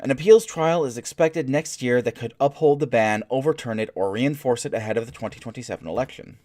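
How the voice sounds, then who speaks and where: A man with a mid-range, somewhat dark voice hosts his own stream, reading news stories aloud. He pauses in a slow, halting way to drop dry, sarcastic comments.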